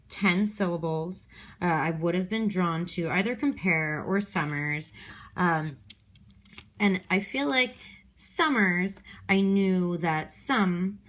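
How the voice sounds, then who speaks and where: A woman's voice: on the low side, a bit bright. A woman teacher recording an extra help lesson on her handheld phone, thinking aloud step by step with many ums and okays.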